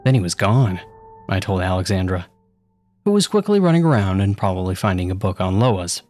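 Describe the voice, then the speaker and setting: A man's voice: low-pitched, very animated, a little fast, darkish tone, no room sound, soft background music. A man narrating a first-person horror story with a casual, sarcastic tone.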